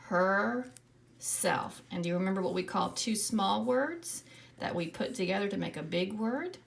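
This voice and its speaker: A woman's voice: mid-range voice, lively intonation, brisk, creaky. A woman teacher giving a patient writing lesson to young children, sounding out letters and syllables one by one.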